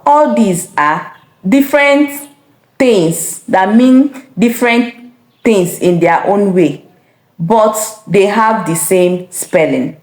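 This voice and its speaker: A woman teaches words one at a time, speaking very slowly and repeating each one. Her pitch rises and falls widely as she marks the tones, and the room gives her voice a clear echo. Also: expressive, a little mellow. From Nigeria. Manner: slow, repeating each word with careful tones. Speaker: language teacher. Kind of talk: slow vocabulary lesson.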